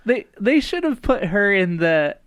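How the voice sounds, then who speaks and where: A podcast co-host chatting eagerly about shows and movies, recorded close and dry. The talk is quick to get excited. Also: medium pitch, no echo. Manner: chatty, enthusiastic, laughs easily. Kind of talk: casual pop-culture chat.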